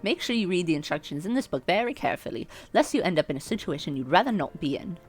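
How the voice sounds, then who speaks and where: A woman voicing a mysterious old woman who gives a solemn warning in a slow, hushed delivery while reading a game aloud. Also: on the low side, very animated, soft background music. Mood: ominous.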